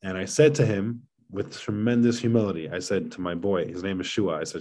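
Deep-voiced earnest middle-aged man. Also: fairly even intonation, fairly quick, hardly any pauses, darkish tone. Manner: earnest, repeats words and restarts often. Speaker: guest, father of seven. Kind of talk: casual podcast conversation.

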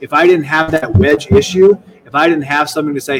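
A young man speaking as a guest in a casual interview. He talks in a rambling, animated way, restarting often. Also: fairly high pitch, a little fast, recorded from a distance, over music, poor audio. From United States. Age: young adult. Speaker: state legislator guest.

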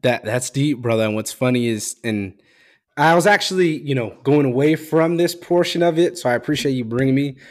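A male podcast host tells personal stories in a relaxed, casual setting. He is blunt and swears freely, and he gets animated as the story builds. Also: mid-range voice, fairly quick.

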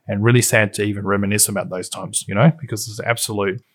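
A man's voice: lowish voice, steady tone, fast, a bit bright, husky. A man co-hosting a casual tech podcast, talking in a rambling, nostalgic way with lots of fillers. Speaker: podcast co-host.

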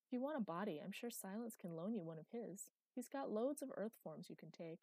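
A woman's voice: medium pitch, animated, a little fast, mellow, no room sound. A woman voicing an eager, anxious young goddess who talks in a hopeful rush.

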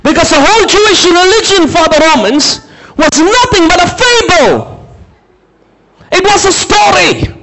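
A man preaching a sermon, dramatic, shouting some phrases and dropping low and slow for others, asking listeners to repeat words after him. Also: animated, poor audio. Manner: dramatic, swings from high emphatic shouts to low slow intense delivery.

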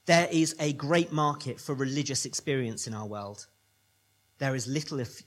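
A man's voice: a little high, fairly bright tone, husky. A man preaching a sermon as pastor, building emphatic repetitions.

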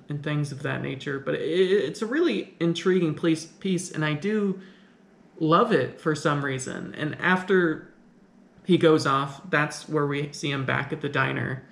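A man's voice: on the high side, normal speed, gravelly, a bit bright. A man casually recapping and commenting on an old film, talking in a loose, rambling way with frequent restarts. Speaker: film reviewer. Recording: echoey room.

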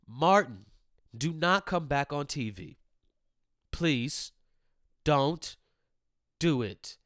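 A man in a casual comedic rant, cursing freely and jumping from loud, high outbursts to low, mumbled asides. His voice sits at a middle pitch. The recording is dry and close, with no room sound. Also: no room sound. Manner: animated, profane, swings between loud outbursts and mumbled asides.

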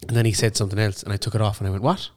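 A young man with a low-pitched voice chats on a podcast, spinning a story and swearing freely. He acts out each line of dialogue as he goes, in a loose, casual way. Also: flat delivery, racing. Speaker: podcast co-host. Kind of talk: casual chat.

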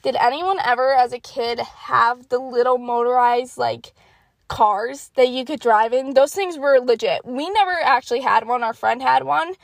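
A young woman hosting her own podcast, telling funny stories in a casual, animated, self-mocking way and swearing freely. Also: a little high, normal speed, vocal fry, dry recording. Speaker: podcast host. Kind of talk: casual storytelling monologue.

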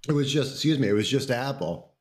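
A man's voice: mid-range voice, lively intonation, fast talker. A man casually reviewing a snack, talking hesitantly with lots of ums and self-deprecating laughs. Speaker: co-host food reviewer. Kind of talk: casual food review chat.

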